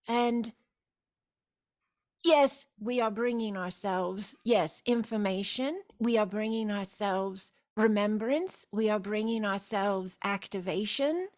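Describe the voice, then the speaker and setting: A woman hosting a spiritual gathering over a video call, stretching out her vowels and breaking in often with emphatic cries of yes. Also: medium pitch. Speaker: spiritual teacher hosting a group meeting. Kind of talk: slow meditative spiritual talk.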